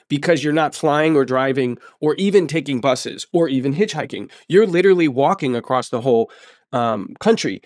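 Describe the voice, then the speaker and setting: Telling a travel tale in a relaxed interview, this male podcast host is emphatic and enthusiastic and keeps repeating words to stress them. His voice leans high, captured in a dry, clean studio recording.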